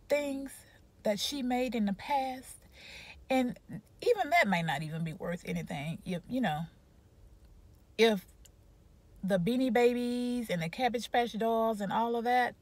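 Woman, slightly high voice, rambling car chat, lots of y'all. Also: a little mellow, no room sound. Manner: chatty, rambling storyteller who keeps saying y'all. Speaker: vlogger. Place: parked car.

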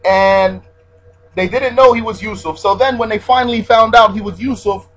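A man's voice: high voice, normal speed, fairly bright tone, soft background music, rough recording. A man teaching a religious lesson, repeating his key points and stressing Arabic terms as he explains.

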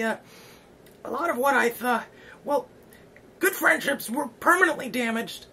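Gravelly, high-voiced pompous host. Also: male voice, bright, forceful tone, slight background noise. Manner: pompous, rambling, self-important. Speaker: comedy vlog host. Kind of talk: mock-solemn comedy monologue.

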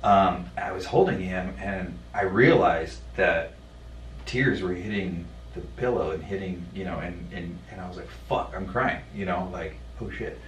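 A man telling a personal story in a podcast conversation, blunt and profane, halting with many fillers. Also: low-pitched, slight background noise. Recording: roomy sound from a distant mic.

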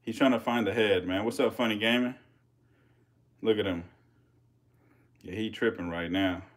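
A man giving casual live-stream commentary as a reptile keeper, chatty with viewers, swearing and getting excited. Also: lowish voice, moderate pace.

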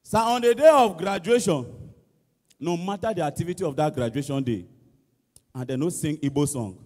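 A Nigerian man doing animated stand-up comedy in Pidgin and English, acting out school songs and shouted lines. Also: fairly high pitch, moderate pace. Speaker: comedian contestant. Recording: reverberant church hall.

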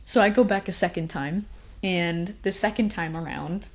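A woman's voice: on the low side, moderate pace, darkish tone. A young woman telling a personal story at a conference, chatty and self-deprecating, often laughing. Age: young adult. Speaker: conference speaker.

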